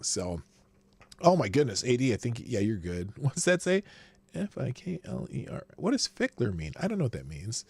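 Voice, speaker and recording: A man from the talks casually as the host of his live show. His pitch swings widely as he rambles, chuckles and trips over restarts. His voice comes through dry and close on the mic. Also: big pitch swings, moderate pace, gravelly, darkish tone, husky, dry recording. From upper Midwest of the United States.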